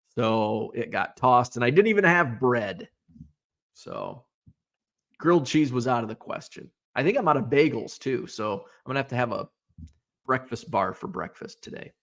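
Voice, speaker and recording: A man's voice: mid-range voice, expressive, measured pace. A man hosting a casual live stream about sports cards, chatting loosely and answering viewer comments with lots of fillers and restarts.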